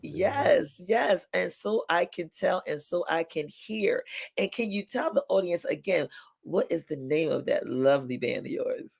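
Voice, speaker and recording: Male stream host, gravelly and a bit high, breezy and chatty with the crowd. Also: expressive, measured pace. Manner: upbeat, chatty, addresses audience as y'all. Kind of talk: live-stream show hosting.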